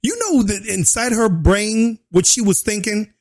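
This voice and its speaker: Male reaction host, high voice, lively swings, mocking, laughs a lot. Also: unhurried, hardly any pauses. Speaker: commentator reacting to a video. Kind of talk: casual reaction commentary.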